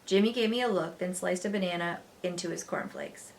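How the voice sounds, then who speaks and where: A woman teacher reading a children's novel aloud with expressive storytelling. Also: on the low side, brisk, slight background noise.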